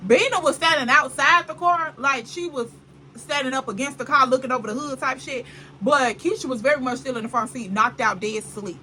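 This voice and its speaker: A woman vlogger telling a dramatic story in casual chat, animated and full of asides to the viewer. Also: high-pitched, fairly quick, slight background noise, rough recording.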